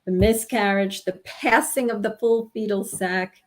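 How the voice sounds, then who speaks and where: A woman in her sixties from New York, telling a personal story in an interview, earnest and halting with frequent restarts. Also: mid-range voice, steady tone. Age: 60s. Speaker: guest telling her experience.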